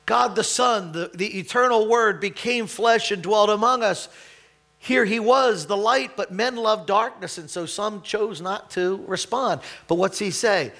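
A man preaching a sermon in a conversational way, often restarting his sentences and clearing his throat, lifting his voice when he reads scripture. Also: high-pitched, bright, forceful tone. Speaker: pastor.

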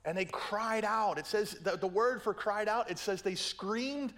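A man's voice: high voice, a little slow, fairly bright tone. A middle-aged man preaching a sermon, telling stories playfully, acting out quotes and often checking in with "right?". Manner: playful storytelling, acts out quotes, keeps asking "right?".

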